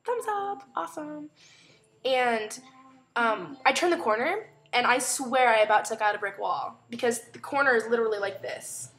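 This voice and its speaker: A woman's voice: a little high, moderate pace. Chatty young woman telling a story. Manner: chatty, animated retelling with quoted voices. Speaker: vlogger. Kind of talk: casual storytelling vlog.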